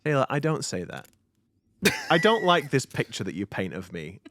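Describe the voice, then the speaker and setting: A man's voice: mid-range voice, sing-song, normal speed, a bit bright, a little hiss or hum. A man playing through a courtroom game with friends, reading dialogue dramatically and chatting. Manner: playful, dramatic line reading. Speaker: game player and reader. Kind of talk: let's play chat and dialogue reading.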